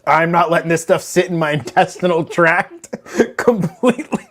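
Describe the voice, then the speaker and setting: A man's voice: fairly high pitch, normal speed, a bit bright. A man co-hosting a live stream as the dad, chatting casually and groaning and joking while tasting food. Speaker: co-host, the dad.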